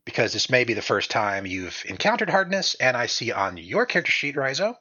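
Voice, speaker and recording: Running a tabletop session live on stream, this goofy, animated game master laughs a lot, speaking a little fast at medium pitch. His mic sounds slightly dull.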